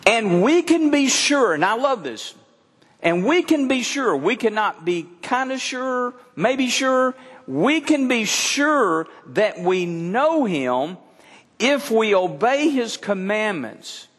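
Middle-aged male pastor, sermon, husky voice, slow unhurried delivery, earnest with emphatic repeats, long church reverb. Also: sits high, very animated, a bit bright. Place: church service.

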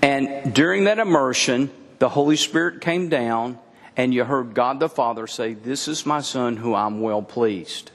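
A man preaching a sermon, telling stories with lively acted-out dialogue. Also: medium pitch, unhurried. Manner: animated storytelling, acting out dialogue. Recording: long reverb in a large room.

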